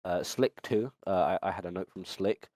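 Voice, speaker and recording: A man hosts a casual podcast, his voice sitting on the low side. He rambles, stumbling over ums and restarts. The sound is dry and close. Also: moderate pace, darkish tone, dry recording. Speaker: podcast host. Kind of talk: casual chat.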